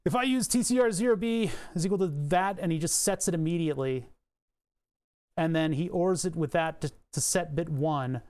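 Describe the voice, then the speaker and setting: A man's voice: on the high side, normal speed, darkish tone, clear, resonant tone. A man livestreaming electronics work, thinking aloud as he reads code and datasheets, swearing and chuckling now and then. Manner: muttering to himself, swearing, chuckling. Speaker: streamer. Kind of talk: livestream electronics and coding commentary.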